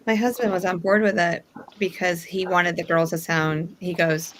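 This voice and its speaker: A woman and mother chatting casually on a podcast, frank and quick to laugh. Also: fairly low pitch, fairly even intonation, noisy background. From northern US. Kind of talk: casual chat.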